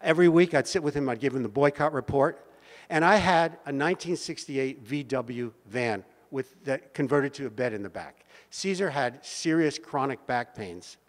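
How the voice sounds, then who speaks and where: Older man telling stories in a hall. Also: mid-range voice. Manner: animated, vivid storyteller with dramatic pauses. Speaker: speaker at a community meeting. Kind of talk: personal storytelling talk. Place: meeting hall. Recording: long hall reverb.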